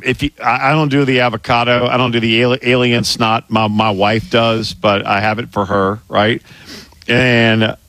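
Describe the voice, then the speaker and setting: A man co-hosting a sports radio show in casual banter, excitable and emphatic, often stammering and restarting. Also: medium pitch, moderate pace, no echo. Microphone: studio microphone.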